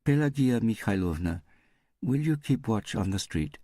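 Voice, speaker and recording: A man voicing a tired middle-aged American nun who speaks softly and carefully. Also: fairly low pitch, animated, normal speed, no echo, clean studio sound, voice pushed up.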